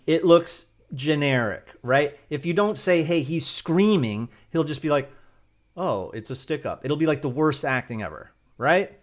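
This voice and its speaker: Rambling man explaining his prompts. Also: fairly high pitch. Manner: loose and rambling, tags lines with "right?". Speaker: video creator explaining AI prompts. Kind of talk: casual tutorial talk.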